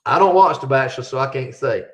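A man's voice: medium pitch, lively intonation, fast. A middle-aged man hosting a casual live chat, reading out viewer questions and answering them. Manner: reads viewer questions aloud, chatty.

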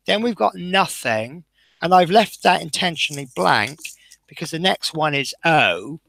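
A man's voice: fairly high pitch, lively intonation, a little slow, vocal fry, bright, forceful tone, no echo. A man hosting a live model-building stream, chatting casually and self-deprecatingly as he talks through each step, sounding tired.

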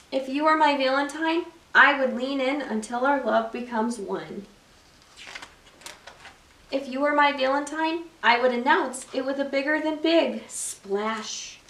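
A woman reading picture books aloud to children at library story time in an expressive, sing-song way. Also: sits high, slight background noise. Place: public library. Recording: echoey room, mic far off.

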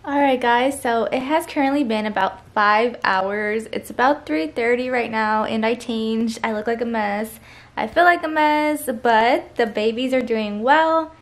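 A woman's voice: fairly high pitch, measured pace, soft background music. A tired young woman, chatting through casual vlog updates about her pets and stretching her fillers. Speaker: vlogger.

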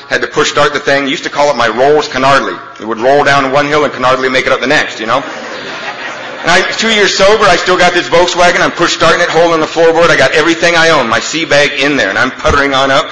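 A man speaking at a recovery meeting, telling a humorous story in an animated, comic way. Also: mid-range voice, a little hiss or hum. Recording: echoey hall, faint ambience.

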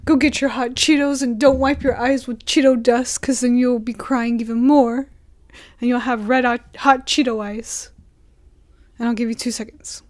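A woman hosting her own reaction video, chatting casually and playfully with viewers and sometimes dropping into a soft whisper. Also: a little high, fairly even intonation, normal speed. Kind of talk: casual reaction vlog chat.

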